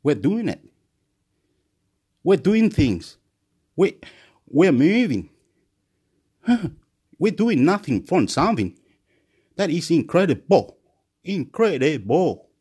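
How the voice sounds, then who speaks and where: A man at home, rambling through a repetitive, excitable motivational monologue, swinging between shouts and mutters. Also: fairly high pitch, slow, pauses often, slightly rough. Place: at home, indoors.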